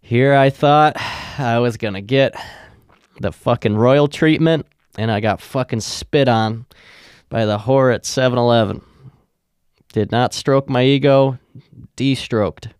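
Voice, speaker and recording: A young man hosting a podcast who tells rambling, profane stories in a deadpan, casual way. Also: mid-range voice, unhurried, pauses often, clean tone, dry recording, studio quality. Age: young adult. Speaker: podcast host. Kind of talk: casual storytelling.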